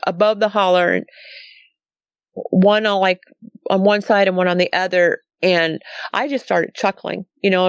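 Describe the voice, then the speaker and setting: A woman's voice: mid-range voice, smooth, no echo. Woman guest from Montana, casual storyteller who quotes everyone, dry dull remote audio. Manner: chatty, quotes others with "he goes" and "I said". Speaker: guest telling a sighting story.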